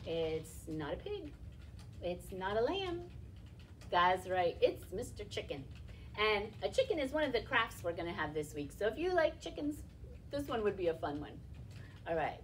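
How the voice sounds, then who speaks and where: A woman's voice: medium pitch, sing-song, normal speed, recorded from a distance, a little hiss or hum. A woman leading a library storytime for toddlers, singing nursery rhymes and cheering the children on in a sing-song voice. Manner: sing-song, encouraging, speaks to small children. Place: library room, indoors.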